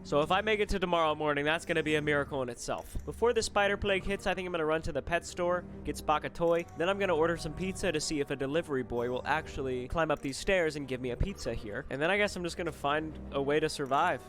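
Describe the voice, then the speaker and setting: A young man narrating his travel vlog in a playful, jokey, excitable way. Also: fairly high pitch, quick pace, few pauses. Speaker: travel vlogger. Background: background music.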